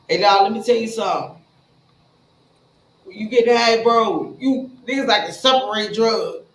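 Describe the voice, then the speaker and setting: A woman telling her own story in a casual, blunt and profane way, talking straight to her listeners and jumping between hushed asides and loud bursts. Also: medium pitch, measured pace, long pauses. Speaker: speaker sharing a recovery story. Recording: roomy echo with faint ambience.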